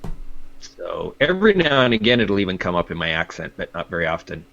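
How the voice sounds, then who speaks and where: A man from Vancouver, Canada, a guest chatting in a relaxed, playful way. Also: sits low, fairly quick, creaky, muffled recording. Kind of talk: casual interview chat.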